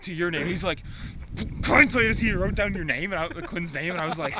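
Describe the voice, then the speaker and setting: A high-pitched teenage boy rushes through an improvised comedy story, stuffing it with fillers and bursting into shouts for the lines he quotes. The recording is dull and lo-fi, with clear noise underneath. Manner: fast filler-heavy telling with laughs, shouted quotes.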